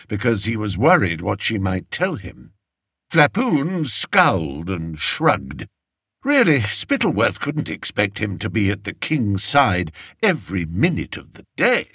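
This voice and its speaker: A man narrating a story in an expressive, unhurried way, recorded close on a studio mic. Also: mid-range voice, husky, no room sound. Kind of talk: audiobook narration.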